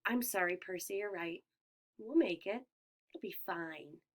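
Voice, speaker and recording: A woman voicing a sharp young girl who speaks in a dry, sardonic way. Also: high voice, lively intonation, normal speed.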